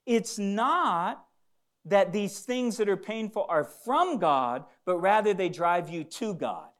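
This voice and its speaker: A man preaching a sermon as pastor in a church, stumbling into restarts and moving between loud emphasis and hushed asides. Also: sits high, expressive, takes it slowly. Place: church building with congregation.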